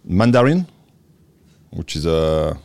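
A man from France with a French accent, answering interview questions haltingly, with many pauses. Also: low voice, very animated, vocal fry, darkish tone. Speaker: guest, former footballer and actor.

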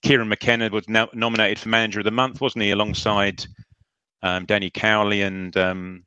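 A man hosts a loose football chat, greeting listeners by name and restarting his sentences as he goes. His voice is bright and forward. The sound is dry and close, with no room around it. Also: on the low side, level tone, moderate pace, clean tone, no echo, low-quality recording. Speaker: podcast host.

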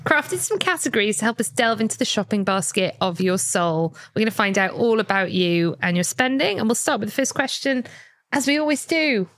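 A woman's voice: fairly high pitch, animated, fairly quick, fairly bright tone. A woman co-hosting a podcast, bubbly and teasing, laughing often. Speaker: podcast co-host. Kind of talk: casual podcast chat.

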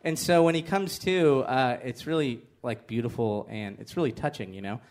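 A man telling comic stories about his family on stage in a live interview, animated and laughing through the punchlines. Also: medium pitch, normal speed. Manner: animated storytelling with bursts of laughter and shouted punchlines. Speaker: comedian guest. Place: comedy festival stage with live audience.

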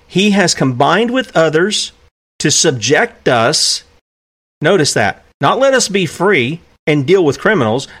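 A man's voice: fairly high pitch, a bit bright. Emphatic male commentary host. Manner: emphatic, with restarts and asides. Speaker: podcast host. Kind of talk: solo commentary, reading from documents.

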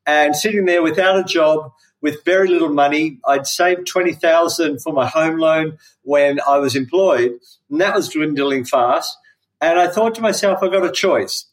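A man's voice: on the high side, rough recording. A middle-aged Australian man, a company founder, telling his story in an interview and acting out the people he quotes. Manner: animated, acts out the voices of people he quotes. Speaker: company founder, podcast guest.

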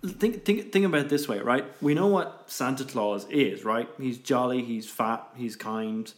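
A man on a podcast, musing aloud in a casual chat and circling his points with restarts. His voice sits at an ordinary middle pitch, plain and steady. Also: moderate pace. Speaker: podcast co-host.

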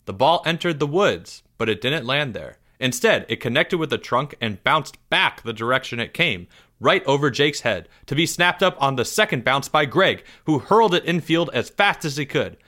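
A man narrates a children's story aloud with expressive delivery. He lowers his voice for suspense. His tone is bright and forward. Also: moderate pace. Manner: expressive, drops softer for suspense.

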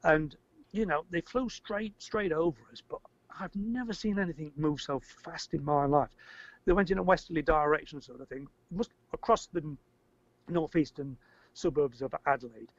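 An older man tells a story as an interview guest, rambling, repeating words and getting animated when he acts out shouting. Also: on the high side, moderate pace, no room sound. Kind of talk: casual storytelling. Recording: dry, slightly muffled audio.

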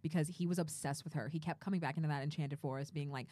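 A young woman co-hosting a podcast in casual chat, animated and quick to act out quotes in high voices. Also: no echo, clean studio sound. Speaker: podcast co-host.

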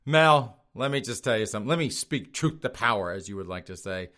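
A man's voice: on the low side, animated, a little fast, a bit bright. A man hosting a podcast from a studio, giving mocking commentary in a sneering tone and laughing at his own jabs. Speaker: podcast host. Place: studio outside Boston.

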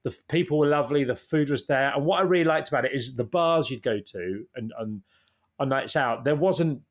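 A man, a guest in a casual interview, telling long rambling anecdotes that get animated at the funny parts. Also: mid-range voice, a little fast.

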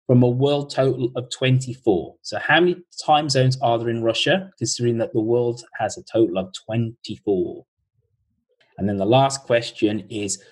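Male podcast host, husky, mid pitch, casual quiz-master on a video call. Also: rough recording. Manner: chatty, reads questions slowly twice.

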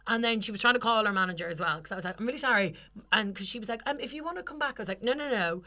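Bright-voiced woman telling a story. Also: fairly high pitch, very fast. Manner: animated, swears freely, acts out quoted people. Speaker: podcast co-host. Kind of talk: casual storytelling chat.

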